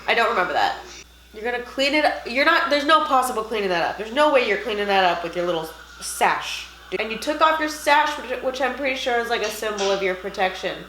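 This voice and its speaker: A woman's voice: fairly high pitch, fast, reverberant, a little hiss or hum, low-quality recording. A woman giving casual, jokey reaction commentary as she watches a film and reviews it. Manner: animated, jokey, squeamish asides. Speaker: movie reviewer.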